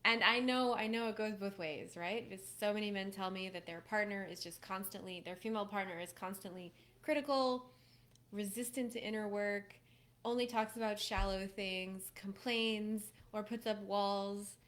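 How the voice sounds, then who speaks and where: A woman giving relationship advice to a live audience in a casual, animated way, laughing often and acting out little quoted voices. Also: medium pitch, moderate pace. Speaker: relationship coach hosting a live stream.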